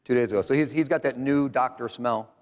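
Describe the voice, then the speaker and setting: A middle-aged man from Rochester, New York, presents research at a conference in a mid-range voice, speaking a little fast. His joking, animated, conversational lecturing carries hall reverb.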